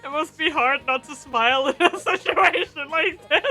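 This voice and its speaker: A woman's voice: sits high, moderate pace, sharp tone, soft background music. A woman streamer giving gushing live-stream reaction commentary, laughing often between her remarks.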